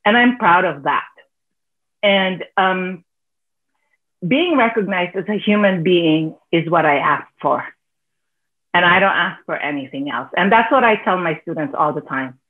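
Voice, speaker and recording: A woman with a Filipino accent, a teacher speaking earnestly on a panel discussion, sometimes laughing softly as she talks. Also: on the low side, expressive, unhurried. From Philippines. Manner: earnest, heartfelt, laughs softly while talking. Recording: tinny phone-like video call audio.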